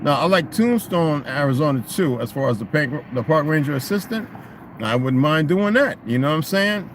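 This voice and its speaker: A middle-aged man in a casual, profane rant, swinging into loud, mocking quotes of other people. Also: fairly high pitch, expressive, normal speed, a little hiss or hum. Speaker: vlogger.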